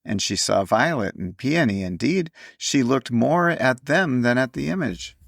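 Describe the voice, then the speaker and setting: Guy narrating an old story, low gravelly voice, dry close sound. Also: lively intonation, fairly bright tone, no echo. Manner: measured storytelling reading. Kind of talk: scripted audiobook narration.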